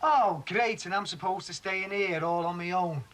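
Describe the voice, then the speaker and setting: A man's voice: high-pitched, moderate pace, a bit bright. An actor playing a frustrated bedbound man who sounds impatient and demanding. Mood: irritable. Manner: irritable, demanding. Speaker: bedridden partner. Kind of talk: TV drama acting.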